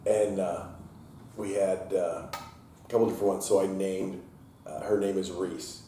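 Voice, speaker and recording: A man's voice: deep voice, little pitch movement, measured pace, warm tone. A man who owns a brewery tells stories in a casual interview and acts out the people he quotes in a raised voice. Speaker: brewery owner and head brewer. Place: inside his brewery taproom. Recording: echoey room, mic at a distance, faint hiss.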